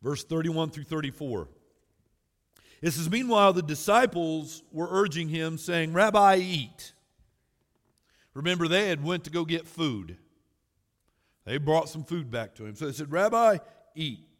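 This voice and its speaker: A man preaching a sermon as pastor, swinging from shouted exhortation to quiet storytelling. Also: fairly high pitch, moderate pace. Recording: long hall reverb.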